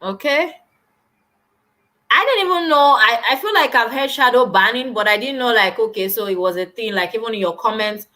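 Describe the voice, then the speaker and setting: A woman's voice: on the high side, lively intonation, normal speed, bright, forceful tone. A young woman hosting a live stream, chatting casually and animatedly while answering viewer comments.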